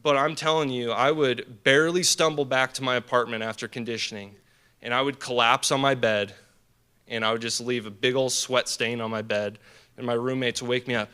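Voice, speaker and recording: A young man giving an earnest, animated personal story as a speaker at a team dinner, with many fillers and restarts. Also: mid-range voice, brisk, clear, resonant tone. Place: banquet hall.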